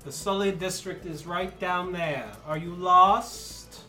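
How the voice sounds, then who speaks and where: A man's voice: sits high, fairly even intonation, slow, sharp tone, pitched above the performer's own voice, exaggerated voice. A man doing a snobbish elf gatekeeper. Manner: condescending, shooing. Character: snobbish male elf, dirt-covered and dismissive. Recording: echoey room, faint music.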